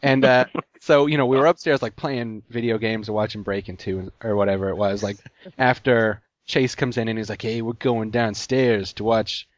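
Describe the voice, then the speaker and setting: Speaking a little fast in a lowish voice, a man spins out a lengthy story as a podcast co-host, leaning heavily on "like" as he rambles. There's no echo, though the sound is dull and lo-fi.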